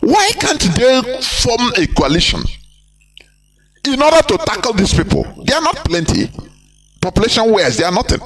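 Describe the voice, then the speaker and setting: A man giving an impassioned live broadcast, emphatic and repetitive, firing rhetorical questions at his listeners. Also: high voice.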